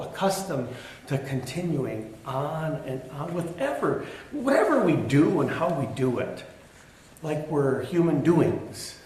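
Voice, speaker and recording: A man's voice: on the high side, big pitch swings, unhurried, a little mellow. A middle-aged man delivers a sermon in a church sanctuary, his voice bouncing around a very reverberant room with a faint hum of ambience. He speaks candidly about his own struggles, mixing in dry, self-deprecating humor. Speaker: pastor.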